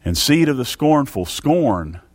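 Lively-pitched male preacher, emphatic. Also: unhurried, dry recording. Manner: emphatic, repetitive preaching with Bible readings in King James English. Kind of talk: sermon.

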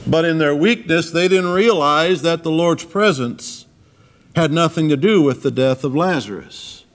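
A man preaching a sermon in a church, swinging his voice up and down for emphasis as he retells the scripture. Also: a little slow. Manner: preaching with dramatic rises and drops in pitch.

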